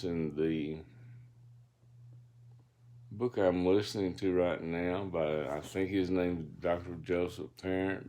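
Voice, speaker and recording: A man's voice: deep voice, a little mellow. A man lying in bed, reading his own audiobook as a rambling, reflective spoken-word monologue. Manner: meandering, reflective, philosophical musing. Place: lying in bed in a dark room.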